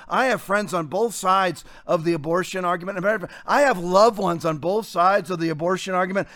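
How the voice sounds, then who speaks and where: A middle-aged pastor with a high voice preaches in a forceful, fiery way. He quotes scripture rapidly and pushes his points up into shouts. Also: animated. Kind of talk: fiery preaching on a talk show.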